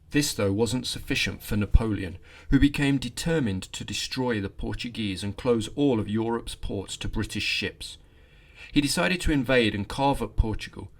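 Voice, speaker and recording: A man hosting a history podcast, narrating a scripted story with lively delivery and wry asides. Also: lowish voice.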